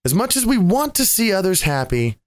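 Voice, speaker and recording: Sarcastic podcast host musing out loud, really lively voice, dry mic. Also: medium pitch, a little fast, no echo. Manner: wry, sarcastic, animated storytelling. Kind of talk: reflective monologue.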